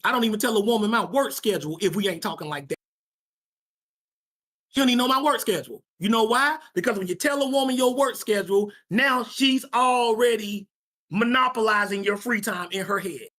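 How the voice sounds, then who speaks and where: Emphatic, slangy Sabbath class teacher. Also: male voice, sits high, brisk, fairly bright tone. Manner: emphatic and slangy, repeats points for stress. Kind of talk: informal preaching to young people.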